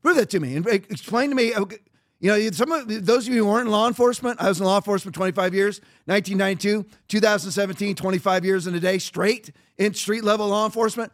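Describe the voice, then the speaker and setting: A middle-aged man whose voice sits high talks fast as he hosts a podcast. His political commentary is emphatic, repetitive, and sarcastic.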